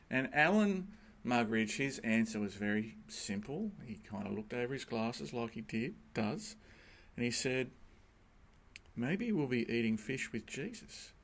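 A man preaches a sermon in a church, his voice swinging widely between soft, reflective asides and loud, emphatic peaks. He slows down to stress key words and talks directly to the congregation. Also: medium pitch, gravelly. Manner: animated, rising to emphatic peaks with pauses. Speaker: pastor.

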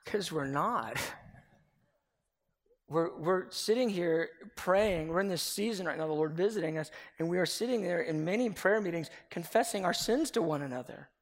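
A middle-aged man preaching a confessional sermon as pastor, earnest and swinging between loud and hushed. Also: high voice, expressive, moderate pace. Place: church sanctuary. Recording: echoey hall with long reverb.

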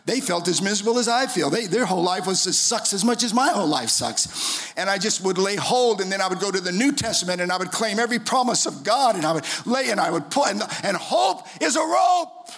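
Middle-aged guy preaching in church, fairly high voice, goes quiet then shouts. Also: expressive, quick pace. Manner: impassioned preaching, swings from soft to shouting. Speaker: pastor. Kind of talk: sermon.

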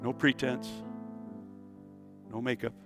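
A pastor preaching a sermon at a church service, animated and calling on the congregation to answer back. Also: male voice, medium pitch, takes it slowly, music in the background. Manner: animated preacher, leads the congregation in call-and-response.

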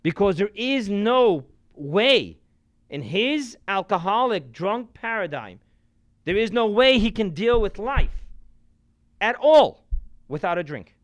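A rabbi delivers a sermon to a live audience in a room, telling stories and moving between loud emphasis and quiet asides. His voice sits high, and he is very animated while speaking at a slow pace.

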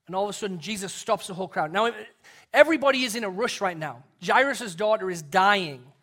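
Male pastor, 30s, higher-pitched voice; earnest sermon delivery with soft hushed stretches. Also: animated, a little fast. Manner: earnest, drops to a soft hush for emphasis.

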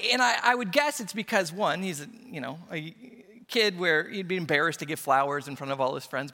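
A male pastor delivers a sermon in a church, his voice high and bright. He tells personal stories and acts out the quotes with playful energy. The sound carries a long hall reverb. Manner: storytelling with playful acted-out quotes.

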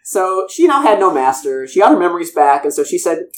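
Quick, lively-voiced man. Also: high voice, a little hiss or hum. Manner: rambling, animated retelling of lore. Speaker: podcast co-host. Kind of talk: casual storytelling chat.

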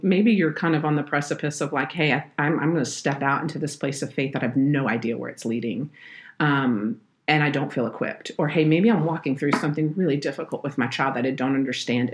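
A low-pitched woman talks on a faith podcast. She tells a personal story in an earnest, heartfelt way. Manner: earnest, heartfelt, tearful at moments. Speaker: podcast guest, children's minister.

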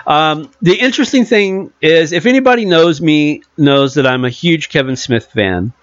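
A man in casual podcast chat who rambles, restarts his sentences and acts out quotes along the way. His voice sits a little high. The recording is dry and slightly muffled. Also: expressive, normal speed, fairly bright tone, no room sound. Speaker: podcast co-host.

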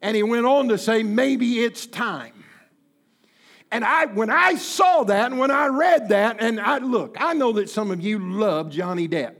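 A pastor in his fifties preaching a sermon in church, impassioned and folksy, with bursts of shouting. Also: sits high, expressive, normal speed, hardly any pauses. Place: church sanctuary.

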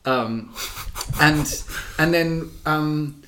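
A man's voice: fairly high pitch, extremely slow, bright, forceful tone, a little hiss or hum. A man co-hosting a podcast in casual chat, rambling through stories with many fillers and frequent laughs. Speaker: podcast co-host.

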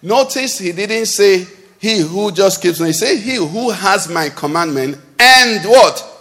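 A man preaches in a high, lifted voice, tossing questions out to the congregation and waiting for them to answer. His voice rings through a hall with a long, trailing echo. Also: expressive, a little slow, fairly bright tone. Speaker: pastor. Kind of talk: sermon. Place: church hall.

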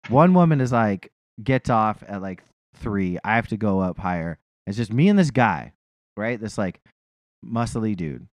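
A man's voice: lowish voice, animated, a little slow, dry recording. A man telling a profane, self-mocking story in a casual podcast chat.

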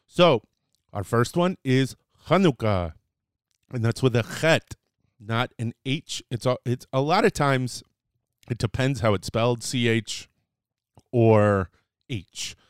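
A man's voice: mid-range voice, takes it slowly, clear, resonant tone, dry recording, studio quality. A man hosting a casual segment, teaching a few words in a playful, chatty way with fillers and self-corrections. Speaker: host teaching Hebrew words. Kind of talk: casual podcast lesson.

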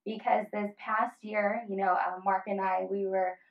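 A woman's voice: mid-range voice, level tone, moderate pace, creaky. Earnest woman sharing faith, lo-fi. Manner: earnest, faith-filled, many fillers. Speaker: guest. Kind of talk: casual conversation. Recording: slightly dull lo-fi audio.

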